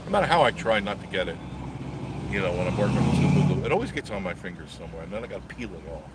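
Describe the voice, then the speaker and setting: A man's voice: deep voice, very animated, rapid-fire. A man hosting a casual live stream from inside his car, rambling, joking and answering viewer comments, recorded on a phone on a gimbal. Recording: clear traffic noise behind the voice.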